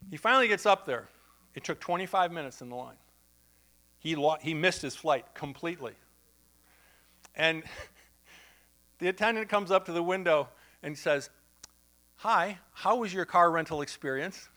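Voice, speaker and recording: Guy pastor telling a story in a sermon, bright voice, kinda high, talks right to the congregation. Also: normal speed, pauses often. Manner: conversational, animated storytelling with asides to the congregation. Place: church.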